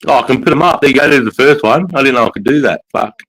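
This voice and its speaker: A man's voice: mid-range voice, racing, a bit bright, slight background noise, rough recording. A man with an Australian accent, hosting a livestream and telling stories in casual, profanity-heavy chat. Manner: profane, storytelling, quotes mates' lines. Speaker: livestream host.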